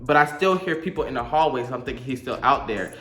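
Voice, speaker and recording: A man's voice: medium pitch, quick pace, a bit bright, roomy sound, faint music behind. A young man, telling a profane, dramatic storytime monologue to camera and acting out his own quotes. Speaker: storytime vlogger.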